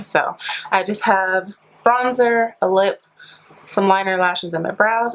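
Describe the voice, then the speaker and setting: Reviewing a product in a relaxed, chatty way, this woman beauty vlogger leans heavily on "like" and playful slang, addressing viewers as sis and honey. She has a gravelly, mid-range voice, and the audio quality is poor.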